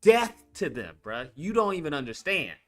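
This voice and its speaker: Male commentary host, blunt and profane, high-pitched and lively, with soft guitar music underneath. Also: normal speed. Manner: blunt, profane, repetitive and heated. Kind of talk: casual political commentary rant.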